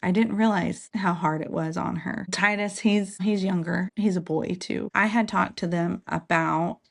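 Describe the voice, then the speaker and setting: A woman's voice: lowish voice, fairly even intonation, a little slow, vocal fry. A woman in her thirties, a podcast guest, candidly and earnestly sharing a personal story in an interview. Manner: candid, earnest, faith-filled. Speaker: podcast guest, single mother.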